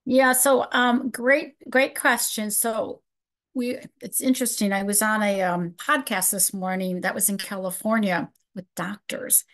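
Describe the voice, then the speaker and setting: A woman's voice: mid-range voice, steady tone, measured pace, a bit bright. Woman presenter answering webinar questions. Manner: conversational, answers questions from the chat. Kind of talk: live webinar Q&A.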